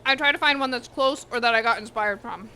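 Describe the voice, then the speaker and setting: A woman's voice: fairly high pitch, brisk, sharp tone, a little hiss or hum. A woman hosting a cooking live stream, chatting casually and bluntly with viewers while she eats, swearing freely and sometimes talking with her mouth full. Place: home kitchen.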